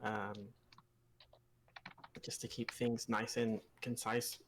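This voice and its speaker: A man's voice: medium pitch, little pitch movement, slow, noisy background. A man new to tabletop role-play, talking hesitantly in a casual chat. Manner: hesitant, nervous. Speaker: tabletop player.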